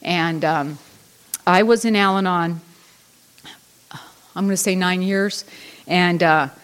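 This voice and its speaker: At an Al-Anon meeting, a middle-aged woman with a smooth, fairly low voice speaks slowly through a long, rambling personal recovery story. Her talk is full of fillers and restarts.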